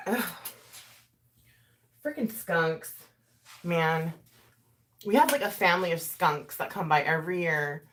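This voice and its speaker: A woman's voice: takes it slowly, long pauses, a little hiss or hum. A woman chatting casually and rambling through a makeup tutorial, with lots of fillers and asides. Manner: animated, swings in pitch and loudness. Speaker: YouTuber doing a makeup tutorial. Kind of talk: casual chat while doing makeup, talking to live chat.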